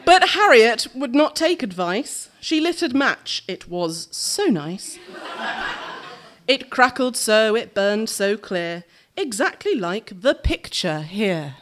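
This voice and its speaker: A woman's voice: on the high side, very animated, slow pace, a crowd in the background. A woman performing a dramatic verse reading live on a theatre stage, playful and laughing between lines.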